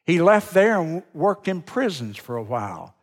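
A man preaching a sermon, telling folksy stories and swinging from loud to hushed. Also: fairly high pitch, very animated, moderate pace. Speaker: pastor. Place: large church sanctuary. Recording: long church reverb.

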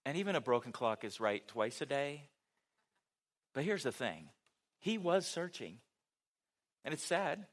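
A man's voice: medium pitch, big pitch swings, a little slow, long pauses. A middle-aged man preaching a sermon, telling a story with humor and asking the audience questions.

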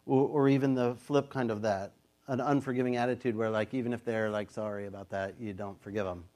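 A man's voice: medium pitch, steady tone, fairly quick, darkish tone. Man, 50s, pastor, sermon, conversational, mid-range voice, acts out quotes.

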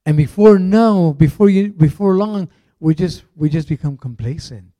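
Mellow-voiced pastor preaching casually. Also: male voice, on the high side, moderate pace, no echo, muffled recording. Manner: casual, rambling asides with fillers. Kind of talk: conversational sermon.

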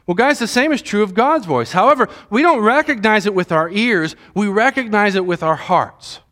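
A man with a fairly high voice delivers a sermon as a pastor. He speaks in an earnest, conversational way and often turns to his listeners with asides. He sounds middle-aged. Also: expressive, moderate pace, fairly bright tone.

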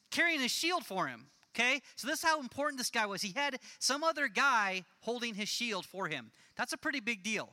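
A man with a high, very bright voice tells a Bible story to a young crowd, jokey and lively, acting out each character. His voice rings with a long reverb, as in a church hall. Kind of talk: storytelling sermon to a young audience.

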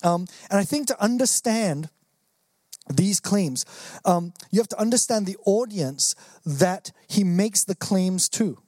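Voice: mid-range voice, animated, unhurried, darkish tone, no echo, studio quality. A preacher giving an earnest, emphatic sermon, acting out the quoted lines in different voices.

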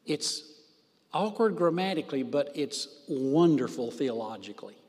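A man's voice: a little high, animated, a little mellow, big-room sound. A man preaching a sermon, stressing words by drawing out his phrases. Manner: emphatic, drawn-out phrases for stress.

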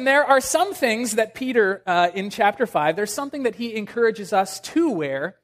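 A man's voice: high-pitched, a bit bright. Joking young male preacher. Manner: joking, casual, many fillers. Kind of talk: humorous sermon. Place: church sanctuary.

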